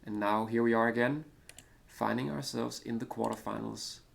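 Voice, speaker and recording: A man's voice: medium pitch, fairly even intonation, moderate pace, creaky. A Danish man, whose first language is Danish, casually commenting on a retro football management game, rambling and hesitant with many fillers and a self-deprecating manner. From Denmark. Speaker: gaming commentator. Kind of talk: casual let's-play commentary.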